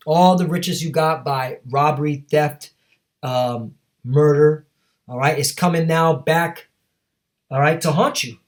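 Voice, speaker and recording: Man, preacher, fairly high voice, emphatic, repetitive, scripture reading. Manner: emphatic, repetitive, with many tag questions. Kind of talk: street sermon with scripture reading.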